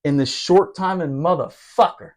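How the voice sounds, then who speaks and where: Laughing along as he talks, a podcast storyteller who served in the Marines recounts a rowdy, foul-mouthed tale from those days. His voice is fairly high and his pace moderate in this casual storytelling.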